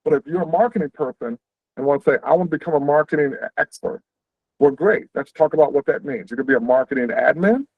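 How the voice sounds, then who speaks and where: A man hosting an info session on a video call, explaining career paths quickly and conversationally, checking in with "right?". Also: a little high, breathy edge, no room sound. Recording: tinny, phone-like dry audio.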